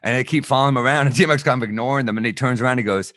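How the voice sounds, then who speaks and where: A man co-hosting a podcast, telling a lively anecdote in casual chat and swearing freely. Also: medium pitch, rapid-fire, no echo, studio quality. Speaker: podcast co-host.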